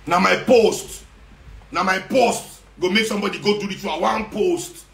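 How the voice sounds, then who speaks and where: A high-voiced Nigerian man rants with sarcasm and rising indignation, slipping into Pidgin as he goes. His voice rings around an echoey room. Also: measured pace, creaky, a bit bright. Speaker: social media commentator. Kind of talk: impassioned monologue.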